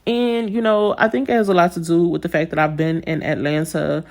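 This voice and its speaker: A woman's voice: lowish voice, fairly even intonation, a little fast, a little mellow. Chatty New York woman with a Southern twang. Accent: New York with a slight Southern twang. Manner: chatty, laughs often, addresses viewers as y'all. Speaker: nail art vlogger. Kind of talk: casual chat while doing nails.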